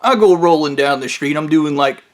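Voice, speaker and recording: A man with a fairly high voice tells a crude story in a comic, off-the-cuff way. He is blunt and profane and mocks the people in his story at every turn. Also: moderate pace. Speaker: storyteller comedian.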